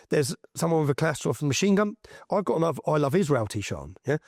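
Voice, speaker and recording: Animated man telling a story. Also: fairly high pitch, fairly quick, no room sound, clean studio sound. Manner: emphatic, slangy, tag questions like "yeah?". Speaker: interview guest. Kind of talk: animated personal storytelling in conversation.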